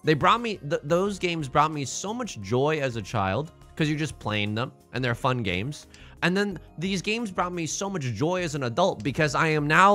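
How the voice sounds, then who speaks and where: A young man with a bright, lively voice chats loosely while playing, wandering off into silly tangents and jokes. His pitch swings widely, and soft game music plays behind him. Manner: rambling, goofy, jokey asides. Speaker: streamer. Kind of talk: casual game commentary.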